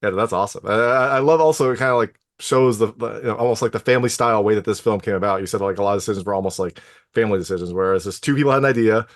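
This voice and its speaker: A man's voice: on the low side, rapid-fire. A man interviewing a filmmaker, enthusiastic and restarting his words as he talks. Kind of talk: casual interview chat.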